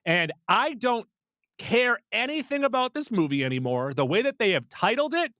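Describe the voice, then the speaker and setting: A man co-hosting a movie news podcast, chatting casually in a playful, animated way. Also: moderate pace, dry recording, studio quality. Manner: animated, playful, jumps pitch for emphasis. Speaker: podcast co-host. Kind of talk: casual chat.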